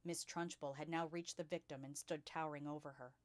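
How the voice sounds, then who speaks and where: A woman reading a children's novel aloud with lively expression as a storytime host. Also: low voice, fairly quick, dry recording. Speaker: storytime reader.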